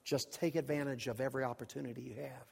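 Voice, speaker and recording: A man preaching a storytelling sermon, animated and dramatic, swinging from hushed asides to shouts. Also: medium pitch, quick pace, creaky, breathy edge. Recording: long reverb of a large hall.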